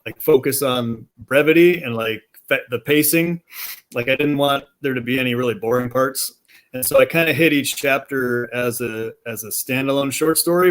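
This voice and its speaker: A man, the guest author, talks loosely, thinking aloud and filling gaps with pauses. His voice sits at an ordinary middle pitch, relaxed and conversational. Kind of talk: casual interview chat.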